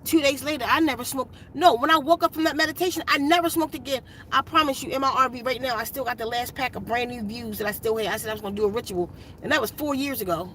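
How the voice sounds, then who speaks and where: A woman's voice: high-pitched, fast, a bit bright, slight background noise. Earnest woman telling a personal story. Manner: earnest, repetitive, emphatic retelling. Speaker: meditation channel host.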